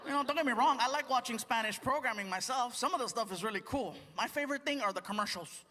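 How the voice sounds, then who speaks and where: A man's voice: very high-pitched, quick pace, pushed and bright. A man performing a stand-up comedy set on stage, talking playfully and slipping into character voices. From United States. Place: comedy stage before a live audience. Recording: live stage mic with crowd laughter. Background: audience laughing and cheering.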